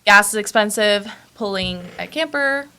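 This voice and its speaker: A woman's voice: medium pitch, measured pace, pushed and bright. A woman joining her husband's podcast as a guest, chatting in a friendly, easygoing way. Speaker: podcast guest, host's wife. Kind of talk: casual podcast chat.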